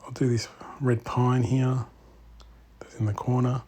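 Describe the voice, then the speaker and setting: A man giving a casual walk-through commentary in an indoor exhibition room, speaking in quiet, murmured remarks that often drop to a whisper. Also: medium pitch, little pitch movement, measured pace. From Australia. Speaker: bonsai channel host.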